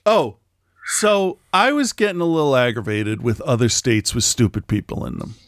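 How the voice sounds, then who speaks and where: A man's voice: mid-range voice, moderate pace, no echo. A middle-aged man in casual chat, ranting with lots of swearing and mimicking people he quotes.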